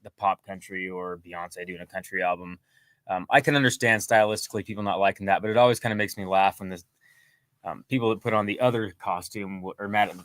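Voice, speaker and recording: A man's voice: low voice, fast talker, a bit bright, no room sound. A man who is a songwriter and singer, a guest on a podcast, talking casually in a rambling, self-deprecating way with many hesitations. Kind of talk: casual interview chat.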